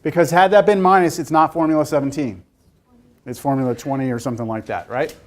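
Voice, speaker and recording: A man lectures in a classroom with a fairly high voice. He talks his way through the math casually, thinking aloud and slipping in jokes. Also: fast. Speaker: calculus teacher.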